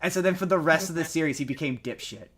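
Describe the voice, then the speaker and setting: A man with a slightly high voice talks on a casual podcast. He tells his story in a rambling, lively way and keeps stopping to restart his sentences. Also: quick pace, breathy edge. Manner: rambling, animated retelling with many restarts. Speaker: podcast co-host.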